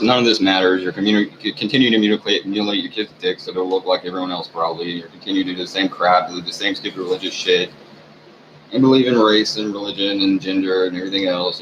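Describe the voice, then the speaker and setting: A man ranting in a rambling, profane monologue for his channel, halting often with fillers. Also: deep voice. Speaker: channel owner. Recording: dull lo-fi recording with faint hiss.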